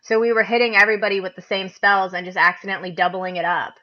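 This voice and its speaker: A woman co-hosts a casual podcast, her medium-pitched voice fast with little pitch movement. She talks animatedly and laughs while acting out what other players say, on a dull lo-fi podcast recording.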